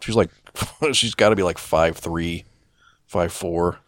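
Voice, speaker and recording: Man, very low voice, dry close mic, deadpan, casual movie commentary co-host. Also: slow, no room sound. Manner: laid-back, deadpan, profane. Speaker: podcast co-host.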